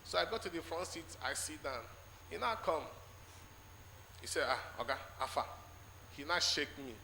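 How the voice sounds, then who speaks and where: A man with a Nigerian English accent tells his testimony in a large church, his bright, fairly high voice ringing with long hall reverb. He tells it haltingly, stopping to act out what each person said. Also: expressive, vocal fry. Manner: halting storytelling, acting out quoted exchanges. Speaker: church member giving a testimony. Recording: echoey church hall with faint noise.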